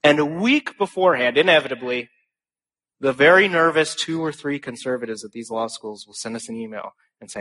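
A young man giving a speech to a live audience, telling stories in an animated, self-deprecating way. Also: medium pitch, fairly quick. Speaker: conference speaker.

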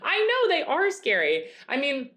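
A woman's voice: sits high, wildly swooping pitch, moderate pace, a bit bright. A tired woman in her thirties co-hosting a podcast, chatting casually with lots of swearing and "like" fillers. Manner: laid-back, swears often, lots of "like" fillers. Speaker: podcast co-host. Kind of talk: casual chat.

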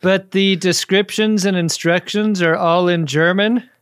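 A man trading wry quips in a casual podcast chat about a show. His voice sits a little above the usual male pitch. The recording is dry and close-miked. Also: steady tone, unhurried, a bit bright, clear, resonant tone, no room sound. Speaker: podcast co-host. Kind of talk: casual episode recap chat.

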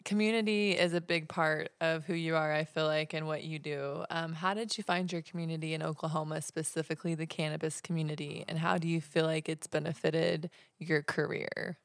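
A woman's voice: low voice, steady tone, fairly quick, few pauses, no room sound, studio quality. A woman hosting a podcast, asking the guest questions in casual chat and laughing often. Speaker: podcast host.

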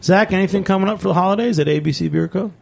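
A man's voice: high voice, racing, creaky. A man hosting a casual radio talk show in a studio, upbeat and rambling as he wraps up. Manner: upbeat, rambling sign-offs with laughs.

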